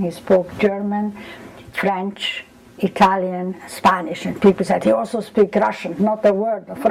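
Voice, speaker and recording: A woman's voice: mid-range voice, low-quality recording. An older woman, recounting memories in an oral history interview and acting out the people she quotes. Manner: animated storytelling, acts out quoted voices.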